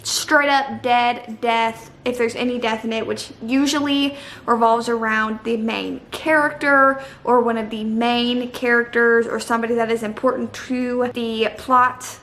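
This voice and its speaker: A young book vlogger with a fairly high, fairly bright voice chats casually and dramatically about her opinions, unhurried and with fairly even intonation. The room sounds echoey, and a faint hiss sits behind her.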